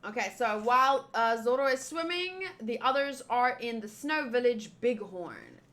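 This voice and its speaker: A woman with a high voice and a very animated, up-and-down delivery reads a comic aloud in a casual way. She makes playful asides at an unhurried pace. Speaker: channel host.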